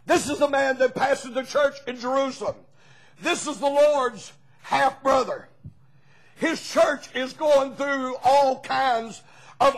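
High, gravelly preacher man. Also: low-quality recording. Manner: fervent preaching, bursts into shouts, asks congregation for amens. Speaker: pastor. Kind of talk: sermon.

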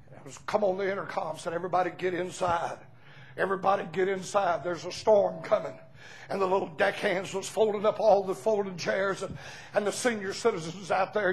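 A man preaching a revival sermon, folksy storytelling that bursts into shouts. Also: high voice, creaky, slightly rough, rough recording.

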